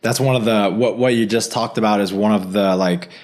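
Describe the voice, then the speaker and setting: A man's voice: fairly low pitch, steady tone, a little fast, darkish tone. A man hosting a podcast interview, enthusiastic and reflective as he responds to his guest. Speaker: podcast host. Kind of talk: casual interview.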